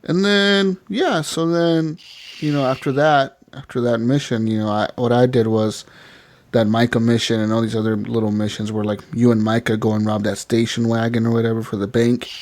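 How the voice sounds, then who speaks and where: Animated, swearing male podcast host. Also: medium pitch, normal speed, a little hiss or hum. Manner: animated storytelling, acts out characters, swears often; laughs often. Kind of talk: casual chat.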